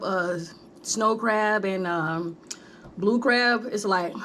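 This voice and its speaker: A woman's voice: mid-range voice, takes it slowly, a bit bright, a little hiss or hum. A woman vlogging a mukbang in a casual, chatty way, calling her viewers "honey" and "y'all" between bites. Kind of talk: casual chat while eating.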